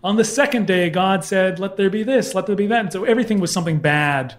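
Animated storytelling man. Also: high-pitched, quick pace. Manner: animated anecdote with mimicked voices. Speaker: guest, comedy historian. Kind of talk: casual storytelling.

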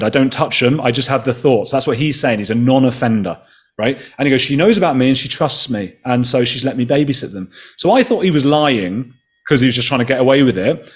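A man in his thirties tells a story as a podcast guest, talking in a casual, animated way. He swears freely and slips into the voices of the people he quotes. His voice sits at an ordinary middle pitch.

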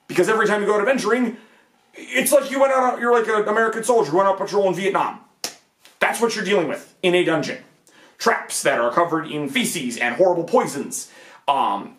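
A man's voice: high-pitched, roomy sound. A man hosting his channel, talking through a casual monologue and peppering it with rhetorical questions and "okay?" asides. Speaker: video essay host. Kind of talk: casual monologue on fantasy gaming.

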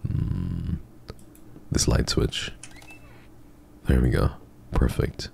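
A man plays a horror game on stream, bantering with viewers and reading items aloud in a very low, heavily gravelly voice. He sounds casual and teasing. A faint hiss sits behind his desk mic. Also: extremely slow, a little mellow. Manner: jokey, chatty, reads game text aloud. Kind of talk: casual let's-play chat.

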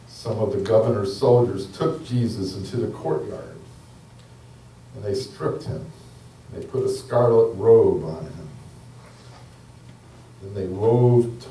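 A male pastor delivers a sermon, retelling a scripture story at an unhurried, deliberate pace. His voice carries through a roomy, echoing church hall, picked up from some distance away with faint ambience behind it. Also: on the low side, warm tone, a little hiss or hum. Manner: slow, deliberate declarations.

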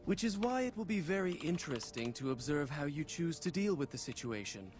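An actor playing a stern, guarded middle-aged bunker leader in a video game, speaking in a measured, formal way over faint music. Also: male voice, a little high, big pitch swings, a little mellow. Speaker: game character.

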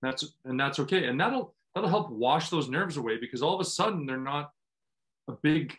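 A man who used to play volleyball professionally talks earnestly with athletes over a video call about mental training. His voice sits a little high and is expressive and a bit bright, moving at a normal speed. He often restarts his phrases and acts out the self-talk that runs through his head.

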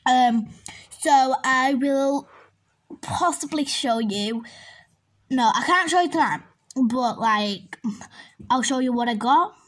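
Slow-talking young vlogger woman. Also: a little high. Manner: chatty, excitable, repeats herself. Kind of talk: casual taste-test vlog.

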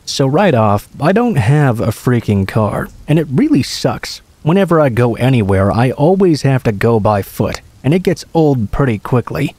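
Mellow-voiced man reading scary stories. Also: mid-range voice, moderate pace, hardly any pauses, dry recording. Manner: steady, casual first-person storytelling. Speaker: horror story narrator.

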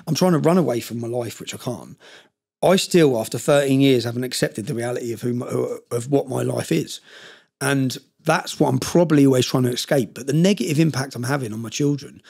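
A man's voice: medium pitch, creaky, darkish tone, husky. A middle-aged man telling personal stories as a podcast guest, emotional and blunt, swearing often. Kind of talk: candid personal storytelling.

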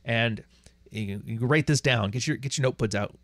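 A man's voice: mid-range voice, normal speed, a bit bright, no room sound. A man hosting a livestream who rants bluntly and crudely and reads out viewer chats. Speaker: livestream host. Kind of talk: profane livestream rant.

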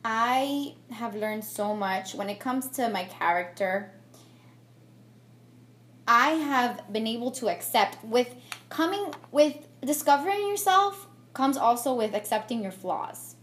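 A young woman with a high-ish, animated voice speaks slowly as she does her makeup in a get-ready-with-me vlog. Recorded on a tripod-mounted camera mic, the beauty vlogger talks candidly and reflectively, full of fillers and restarts.

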